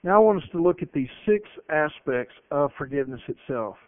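A man's voice: on the high side, fairly quick, no room sound. Emphatic preacher man, tinny dry sound. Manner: emphatic, with animated storytelling. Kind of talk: sermon. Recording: narrow phone-like broadcast sound, dry.

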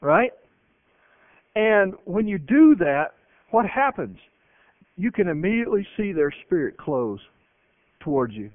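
A man's voice: high voice, unhurried, pauses often, no room sound. A man preaching a sermon, emphatic and telling stories with energy. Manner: emphatic, with animated storytelling. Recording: narrow phone-like broadcast sound, dry.

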